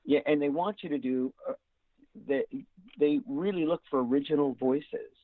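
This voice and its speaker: A man's voice: a little high, moderate pace, dry recording. A man, a voice actor guest, talking casually in an interview, rambling with many fillers and restarts. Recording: tinny dry phone line.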